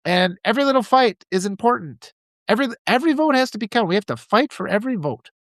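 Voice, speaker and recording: A man's voice: high-pitched, lively intonation, fast talker, a bit bright, no echo. A man hosting a live stream, giving impassioned political commentary and reading out viewer comments, with frequent restarts.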